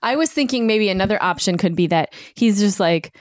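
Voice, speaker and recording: A woman's voice: medium pitch, brisk, no room sound, clean studio sound. A woman co-hosting a casual, jokey conversation about a TV episode and words. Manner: playful, jokey. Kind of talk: casual chat.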